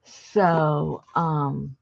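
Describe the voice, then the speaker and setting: Crafting-show host, woman, low gravelly voice, rambling chat, lo-fi sound. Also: steady tone, extremely slow, a little hiss or hum. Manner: rambling, chatty, self-interrupting. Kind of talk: casual chat while crafting.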